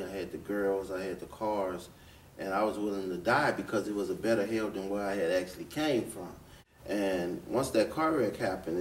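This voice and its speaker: Deep-voiced man in an echoey room. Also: a little mellow. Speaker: interviewee, former gang leader. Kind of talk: interview answers. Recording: echoey room, distant mic, faint noise.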